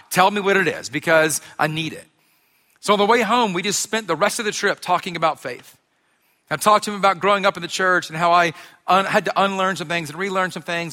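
Pastor guy preaching, high bright voice, casual storytelling, big echoey hall. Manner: conversational storytelling with self-deprecating humor. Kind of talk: sermon. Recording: reverberant hall.

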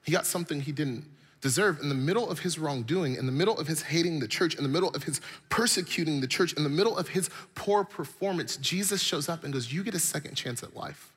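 A man's voice: on the high side, fast, fairly bright tone, breathy edge. A man preaching a sermon, telling stories with animation and building his points through repetition. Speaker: pastor.

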